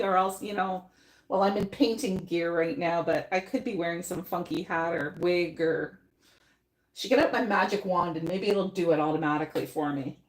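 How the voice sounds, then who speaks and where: With a medium-pitched voice and an echoey, roomy sound, a painting host leads a live paint-along. She talks with her audience, muses aloud as she works, and laughs frequently.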